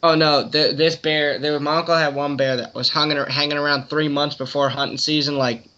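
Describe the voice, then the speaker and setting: A young man guests on a hunting podcast, rambling easily and saying "dude" often. His voice has a bright, forceful edge. The sound is dull and lo-fi. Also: a little high, little pitch movement, brisk. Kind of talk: casual chat. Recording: dull lo-fi audio.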